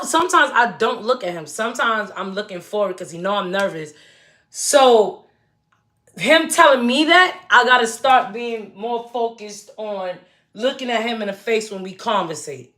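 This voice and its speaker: A woman's voice: on the high side, fairly bright tone. Chatty woman in her forties on a livestream. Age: 40s. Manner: chatty, emphatic, talks straight to viewers. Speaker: livestream host. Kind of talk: casual livestream chat.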